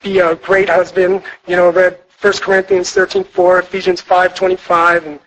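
Earnest high-voiced man at a retreat. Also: sing-song, moderate pace, gravelly, a bit bright, low-quality recording. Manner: earnest, rambling, many fillers and restarts. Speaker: speaker sharing his testimony at a marriage retreat. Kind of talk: personal testimony talk to an audience. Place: church retreat hall.

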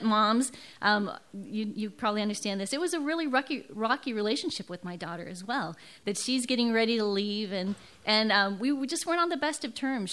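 A woman's voice: mid-range voice, a bit bright. A middle-aged woman giving an earnest, emotional testimony at a church service, often repeating words for emphasis. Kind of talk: personal testimony in a sermon.

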